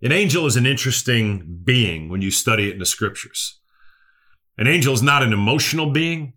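A man's voice: mid-range voice, lively intonation, brisk, pushed and bright. A male preacher, delivering an earnest sermon that repeats key phrases and asks the listeners questions.

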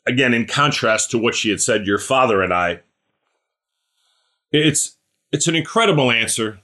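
Bright-voiced man preaching casually. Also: mid-range voice, normal speed. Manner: chatty, asks listeners questions by name; animated, acts out scripture characters. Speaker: pastor. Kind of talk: conversational sermon.

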